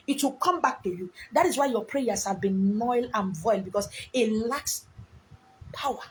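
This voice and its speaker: On her own live video, recorded on a phone, a middle-aged Nigerian woman with a Nigerian accent rambles emotionally and a little preachily in a casual motivational stream. Her voice sits on the high side with a breathy edge, and she talks at a normal speed.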